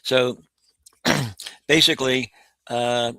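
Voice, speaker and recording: A man's voice: mid-range voice, steady tone, drawn-out words, vocal fry, sharp tone, no echo. Older man telling a war story, blunt. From United States. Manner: vivid, blunt war storytelling with frequent restarts. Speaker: guest. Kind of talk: storytelling interview.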